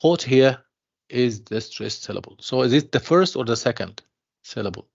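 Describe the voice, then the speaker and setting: A man with a gravelly, creaky voice teaches an English class, his showing in his speech. He talks slowly, repeats phrases and addresses his dear students. The audio is dull and lo-fi, like an online class. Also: medium pitch, lively intonation. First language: Arabic. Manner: slow, repeats himself, calls students "dear students", mixes in Arabic explanations. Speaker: university English tutor.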